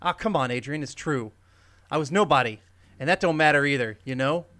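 A man reading the lines of a humble down-and-out male boxer, straight and flat, in a casual dramatic reading. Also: fairly high pitch, fairly quick. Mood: earnest.

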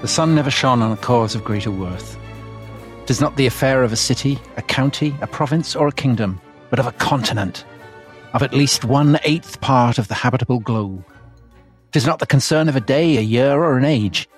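A man voicing a fiery male 18th-century pamphleteer, declaiming in grand, slow, rising cadences. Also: medium pitch, soft background music, lightly acted. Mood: stately.

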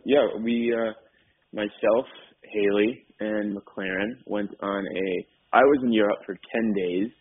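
A man's voice: lowish voice, breathy edge. A man co-hosting a casual radio chat, telling a long rambling story with many fillers. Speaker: co-host. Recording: tinny phone-like radio audio.

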